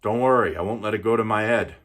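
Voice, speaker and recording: A gentle, simple-minded giant, as a man acts him out alone. He talks slowly and earnestly, and his voice is husky. He sounds kind. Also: fairly low pitch. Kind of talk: one-man film recital.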